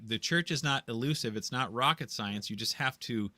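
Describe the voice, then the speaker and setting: A man's voice: mid-range voice, normal speed, bright, forceful tone, dry recording. A man in a casual debate, speaking bluntly and insistently in a preachy, lecturing way. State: tired after a long talk. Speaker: guest.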